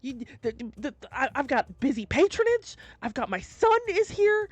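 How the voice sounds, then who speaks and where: A woman's voice: mid-range voice, animated, moderate pace, no echo, natural voice. Woman playing a harried innkeeper guy, exasperated, stammering, raised voice. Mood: furious. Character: angry harried innkeeper man, older brother.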